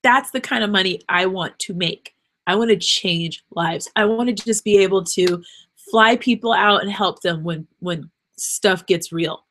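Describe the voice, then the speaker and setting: A woman's voice: medium pitch, unhurried, a bit bright, slight background noise. A woman hosting her own show, talking off the cuff in an earnest, rambling, encouraging way, emotional and close to tears. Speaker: podcast host. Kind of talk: unscripted motivational monologue.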